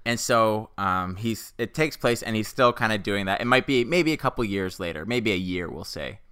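Brief: young male podcast co-host, casual, bright and animated, dry close sound, quick to laugh and do voices. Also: lowish voice, clean tone, no room sound. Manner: laughs often, acts out quoted characters. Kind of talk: casual chat pitching a joke movie sequel.

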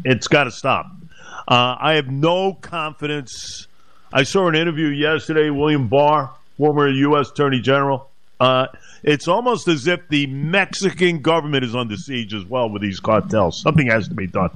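A man's voice: medium pitch, moderate pace, fairly bright tone, no room sound. A man hosting a talk radio show, speaking emphatically and indignantly, repeating his points.

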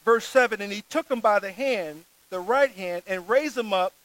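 A man delivers a sermon in an unusually high voice. He reads scripture aloud and preaches earnestly, stressing his key words. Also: moderate pace, fairly bright tone, rough recording.

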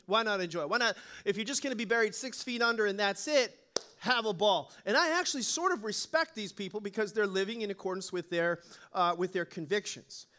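A male pastor delivers a sermon in a notably high voice. He is animated and playful, weaving jokes and little stories into his preaching. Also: fairly quick. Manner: animated, joking storyteller.

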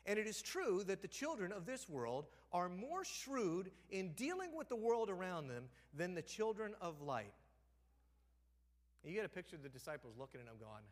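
A man preaching a sermon as a pastor, telling the story with animation, acting out the characters' lines and sometimes dropping to a hushed, near-whispered voice. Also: sits high, big pitch swings, moderate pace, long reverb tail. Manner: drops to a hushed, almost whispered voice for effect. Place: church sanctuary.

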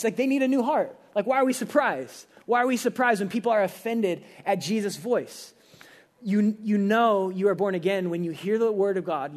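A man's voice: high voice, darkish tone. A young adult man, a pastor, preaching a casual but emphatic sermon with rising bursts of energy.

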